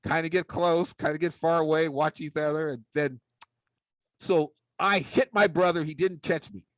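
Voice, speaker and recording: A man telling a humorous personal story as a public speaker, animated and acting out the voices of the people in it. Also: a little high, normal speed, no room sound, low-quality recording. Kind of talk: storytelling speech.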